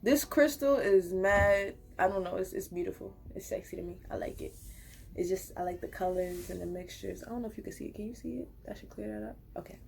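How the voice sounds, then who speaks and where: A woman's voice: medium pitch, a little fast, gravelly, noisy background. A young woman giving a casual, rambling pick-a-card tarot reading to camera, talking earnestly and reassuringly. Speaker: tarot reader.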